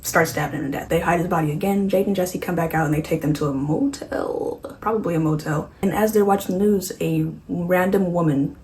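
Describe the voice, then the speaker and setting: A woman's voice: on the low side, a little fast, few pauses, a little mellow, slight background noise. A woman casually recapping a horror movie while doing her makeup, rambling, correcting herself and tossing in sarcastic asides. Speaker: beauty vlogger.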